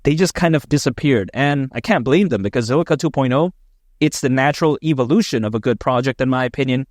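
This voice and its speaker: Man, enthusiastic casual commentary, chatty with fillers, mid pitch, dry close mic. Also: fast, no echo. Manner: enthusiastic, conversational, many fillers. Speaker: crypto video host.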